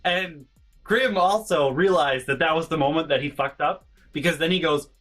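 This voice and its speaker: Animated man telling a personal story. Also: on the high side, moderate pace, low-quality recording. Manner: animated, swings between hushed and loud, swears freely. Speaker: vlogger. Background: faint background music.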